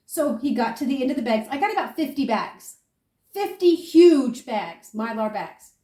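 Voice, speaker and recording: An older homesteading woman tells her story with animated, chatty energy. Her voice sits a little high, and it rings in an echoey room. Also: fairly quick, far from the mic. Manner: chatty, animated storyteller, talks viewers through each step. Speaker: homesteader demonstrating food storage. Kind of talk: casual how-to and storytelling.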